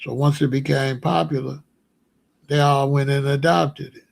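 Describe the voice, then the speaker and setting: The American host of a commentary show speaks at medium pitch and moderate pace, with fairly even intonation and a creaky edge. He talks casually and long to viewers, repetitive and boastful.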